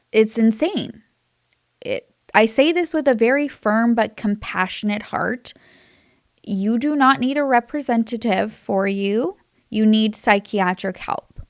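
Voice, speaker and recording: A woman's voice: medium pitch, no room sound. A young woman talks through a case in casual commentary, full of fillers and plain indignation. Her voice sits in a middle register. The sound is dry and close. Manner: chatty, says "like" a lot; emphatic and indignant. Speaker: true crime commentator.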